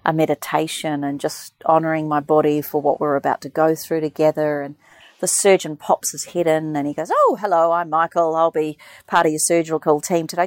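Middle-aged woman, animated anecdote teller with a gravelly low voice. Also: brisk, no room sound. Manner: animated storyteller, quotes others in lively voices. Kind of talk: casual chat.

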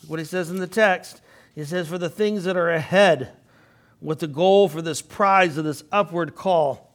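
An older man teaching a Bible class in a conversational way, clearing his throat often and turning to the class with asides. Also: on the high side, normal speed.

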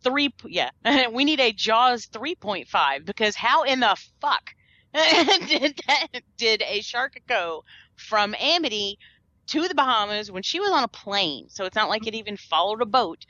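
Middle-aged woman, podcast co-host, casual movie chat. Bright, lively delivery, laughs a lot, curses, with faint music behind. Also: on the high side, measured pace, dry recording, muffled recording. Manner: laughing, profane, animated.

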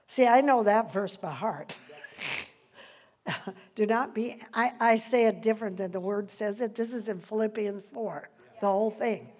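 Older woman, informal bible teaching, fairly high voice, chatty, laughs a lot. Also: lively intonation, measured pace. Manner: chatty, laughs often, quotes scripture.

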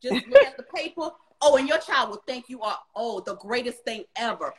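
A woman's voice: a little high, expressive, a little fast. A woman, a tutoring center owner speaking as a guest in a live interview, giving emphatic advice straight to parents. She talks in a preachy way, repeats herself and calls her listeners y'all. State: emotional at times.

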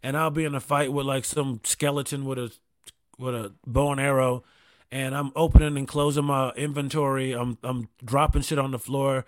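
A man telling casual comedic stories about gaming with his kid, profane and animated, with quick asides. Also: mid-range voice, no echo, clean studio sound.

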